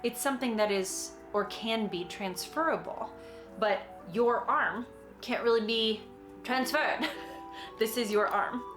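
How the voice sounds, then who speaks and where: A woman's voice: on the high side, unhurried. A young woman talks through a monologue in a casual, chatty teaching tone, often breaking into a light laugh. Her voice rings in a roomy, echoey space, with faint music beneath her. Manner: chatty and explanatory, with frequent little laughs and acted-out quotes. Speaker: acting teacher explaining a monologue. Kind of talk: casual spoken tutorial.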